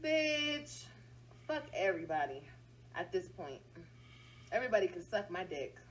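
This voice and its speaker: A woman's voice: lowish voice, very animated, a little slow, a little hiss or hum, low-quality recording. A woman hosting a casual livestream, venting bluntly and swearing heavily as she talks straight to her viewers. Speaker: livestream host.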